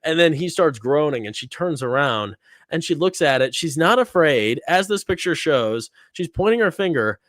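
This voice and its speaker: A young man talks in a casual, rambling way, piling on fillers and breaking into small laughs as he recaps. His voice sits a bit high for a man. The sound is dry and close, with no room around it. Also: animated, moderate pace, a bit bright, no room sound. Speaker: host. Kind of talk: casual review chat.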